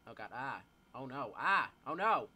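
Teen boy, gameplay commentary, excitable, yelping, swearing, very lively pitch, sharp bright tone. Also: normal speed, breathy edge. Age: teens. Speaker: gamer.

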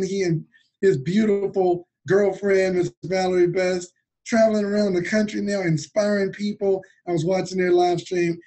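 A man's voice: high voice, dark tone, poor audio. Enthusiastic man hosting a call. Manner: effusive, enthusiastic. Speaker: call host. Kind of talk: introducing a speaker on a conference call.

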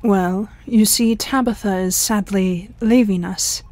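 A woman's voice: mid-range voice, fairly even intonation, takes it slowly, darkish tone, dry recording, lightly acted. A woman voicing a sly male alien disguised as an office boss, speaking in a sinister, mocking tone. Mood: smooth.

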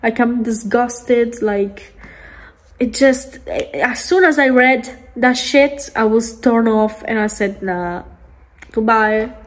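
Slow, furious, swearing woman vlogger. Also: fairly high pitch, fairly even intonation. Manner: angry, profane, emphatic ranting. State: angry. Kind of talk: ranting vlog chat. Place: lying down at home.

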